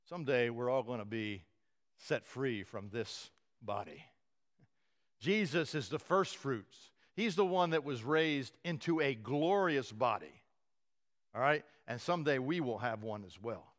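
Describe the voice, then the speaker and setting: A male pastor preaching a sermon, telling the story with animated voices for the quoted lines and frequent chuckles. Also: mid-range voice, unhurried.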